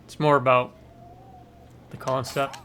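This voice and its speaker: A man's voice: medium pitch, flat delivery, a little slow, sharp tone, slight background noise. A man hosting a co-op gaming stream, chatting casually and rambling into jokey asides about old games. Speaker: co-op gaming channel host. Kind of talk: casual gameplay chat.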